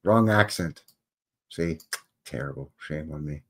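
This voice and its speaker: A man's voice: rumbling low, a little slow. A man hosting a live stream, talking casually over old photos with joking, rambling, wry asides. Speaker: livestream host.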